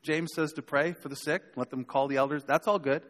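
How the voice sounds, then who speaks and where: A man with a fairly high voice preaching to a live congregation in a church. He speaks conversationally and with emphasis, and often puts rhetorical questions to the crowd. A long hall reverb rings after each phrase. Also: fairly even intonation, a little fast, fairly bright tone. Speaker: pastor. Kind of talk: sermon.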